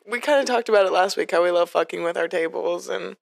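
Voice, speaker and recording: Gravelly young woman chatting casually. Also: on the low side, fast, few pauses, dry recording, studio quality. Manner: chatty storyteller, swears freely. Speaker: podcast co-host. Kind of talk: casual chat.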